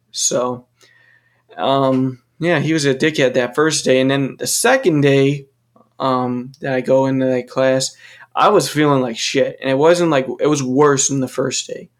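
A young man hosting a solo podcast, talking casually in a rambling, profane rant full of restarts. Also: medium pitch. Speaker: podcast host.

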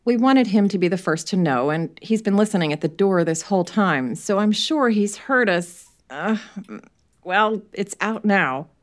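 A woman's voice: mid-range voice, animated, a little slow, pitched above the performer's own voice, lightly acted. A woman voicing a shy, embarrassed young widower who stammers and falters as he speaks. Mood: flustered.

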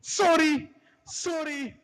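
A man voicing a flustered male hotel manager who apologizes in a high, squeaky panic. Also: fairly even intonation, takes it slowly, fairly bright tone, full character voice. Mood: panicked. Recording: long hall reverb.

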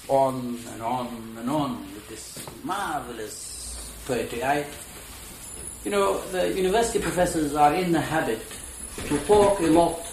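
An older man lecturing in the evening, speaking in a reflective and unhurried way. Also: medium pitch, darkish tone, roomy sound, a little hiss or hum.

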